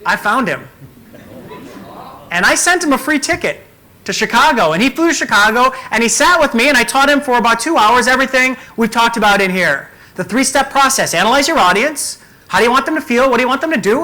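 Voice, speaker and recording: A man giving a conference keynote as a communication coach, talking in an energetic, emphatic way. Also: extremely high pitch, brisk, poor audio.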